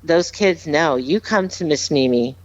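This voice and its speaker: A woman's voice: low-pitched, measured pace, dull audio. A woman guest on a podcast, earnestly telling a personal story with emphatic repeats. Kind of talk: heartfelt storytelling, casual chat.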